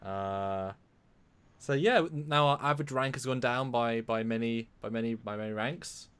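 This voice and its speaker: A man co-hosts a casual live stream, rambling with many restarts and repeated words. His voice is mid-range, fairly bright, and clean in tone, at a moderate pace.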